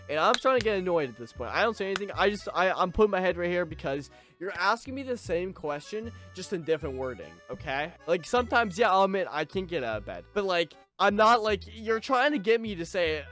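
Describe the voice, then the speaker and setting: A man's voice: on the high side, very animated, normal speed, a bit bright, faint music behind. A young man doing an agitated, swearing rant. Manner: agitated, swearing, restarts and stammers. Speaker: streamer. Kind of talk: angry personal rant.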